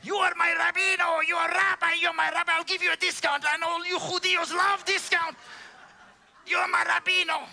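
Man voicing jovial older mechanic, loud and teasing, very high and sharp. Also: level tone, brisk, creaky, exaggerated voice. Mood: boisterous. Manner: shouting, teasing, insistent.

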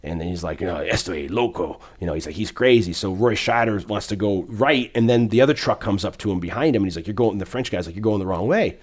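A man talks through a film in loose, casual podcast chat. His voice sits fairly low, and he rambles animatedly, stacking fillers and restarts as he goes. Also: quick pace, few pauses.

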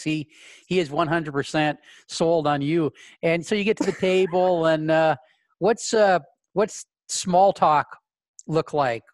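A man's voice: a little high, no room sound. A man narrating a tabletop role-play game as game master, rambling with repeated words and casual swearing.

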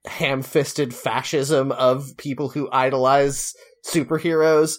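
A man's voice: medium pitch, little pitch movement, slow pace. A man co-hosting a casual chat, rambling and opinionated, with lots of fillers. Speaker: podcast co-host.

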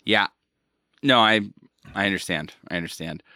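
A man's voice: low-pitched, moderate pace, sharp tone, dry recording, clean studio sound. A man hosting a comics podcast in casual chat, bantering and closing out the episode. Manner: wraps up the show, giggly. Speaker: podcast host.

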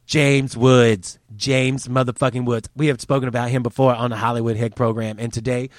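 Crude, animated male commentary host. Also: medium pitch, moderate pace, dry recording, clean studio sound. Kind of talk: casual profane news commentary.

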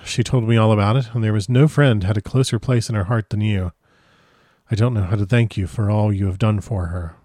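A man voicing a grieving young nobleman, husky and choked with grief, in an audiobook reading. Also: on the low side, fairly even intonation, brisk, mellow, dry recording, natural voice. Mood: grief-stricken.

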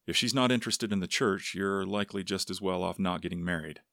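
A man's voice: deep voice, fairly quick, fairly bright tone, no echo, clean studio sound. A man doing a stern, devout father. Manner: grave, matter-of-fact.

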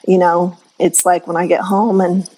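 A woman's voice: fairly low pitch, little pitch movement, normal speed, mellow, breathy edge, rough recording. A woman in her thirties, co-hosting a radio show, talking in an earnest and encouraging way. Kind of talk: casual chat.

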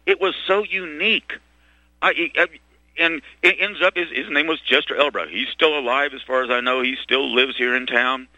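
A middle-aged man hosting a talk radio show, talking in a halting, rambling way full of restarts and fillers. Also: mid-range voice, pushed and bright, dry recording, muffled recording. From Texas. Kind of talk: rambling monologue.

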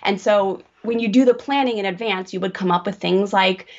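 A woman coaching parents as a guest on a podcast, chatty and animated, often slipping into what she would say to her kids. Her voice sits in a middle pitch. The audio is dull and lo-fi, like a remote call. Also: fairly quick. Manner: animated, acts out lines to children. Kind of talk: explaining advice in conversation.

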